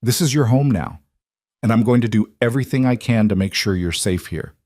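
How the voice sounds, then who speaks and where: A quiet, plainspoken rancher man, read by a narrator in his own voice. His voice sits low and the sound is dry and close. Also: a little fast, no room sound, lightly acted.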